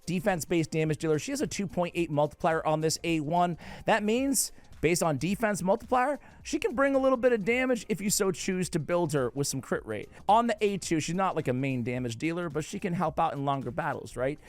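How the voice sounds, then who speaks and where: A playful man with a New England accent talks through a game guide in a casual, joking way. His voice sits a little high, and it now and then bursts into excited shouts. The sound is close and dry, with no room around it. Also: fairly quick, no room sound. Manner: playful, jokey, sudden excited outbursts. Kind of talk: casual gaming commentary.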